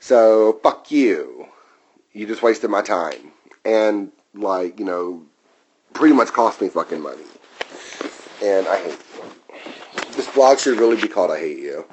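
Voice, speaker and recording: A man's voice: fairly low pitch, measured pace, long pauses, darkish tone, slightly rough, low-quality recording. Man ranting profanely about his job. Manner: wanders off on tangents, then returns. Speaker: restaurant server. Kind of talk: vlog rant.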